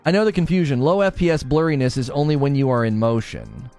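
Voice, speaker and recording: A man's voice: mid-range voice, sing-song, fast talker, darkish tone, faint music behind. A man hosting a live stream in casual chat. He argues animatedly and laughs often. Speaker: livestream host.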